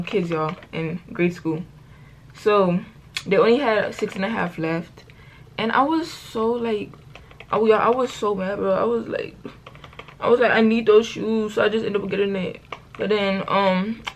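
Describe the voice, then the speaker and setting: A late-teen girl with a mid-range voice chats through a get-ready-with-me vlog at home, with slight background noise. She rambles through a story in slangy talk, corrects herself, and keeps calling out "y'all" to her viewers.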